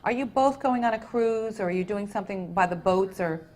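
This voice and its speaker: A woman working as a medium, relaying messages to audience members in a soft, tender, soothing manner with endearments. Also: medium pitch, fairly quick, noisy background. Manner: soft, soothing, tender, calling people honey and sweetheart. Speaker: medium at a public reading. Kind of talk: live spirit reading to an audience.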